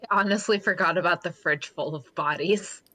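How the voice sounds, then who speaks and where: A woman's voice: on the low side, a little fast, bright, forceful tone. A woman reading a webcomic aloud on a live stream, voicing characters dramatically and swearing. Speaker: co-reader of a webcomic.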